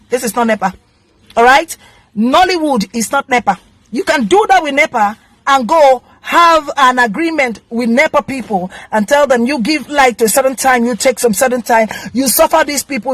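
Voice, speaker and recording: A woman's voice: high voice, no room sound. A Nigerian woman, an actress and vlogger, scolding in a heated direct-to-camera rant and repeating phrases for emphasis.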